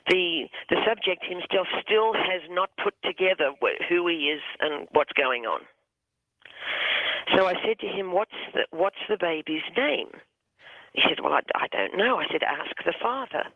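A hypnotherapist guest calls in to a radio show and tells the story of a session in an even, middle-pitched voice. His delivery is halting, full of restarts and repeated words as he circles back before moving on. The narrow, tinny telephone line carries no room sound.

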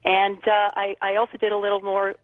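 A woman's voice: mid-range voice, monotone, a little fast, no echo. A woman from Arizona phoning in to a radio show, telling a long, meandering story. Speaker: caller. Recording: tinny phone line.

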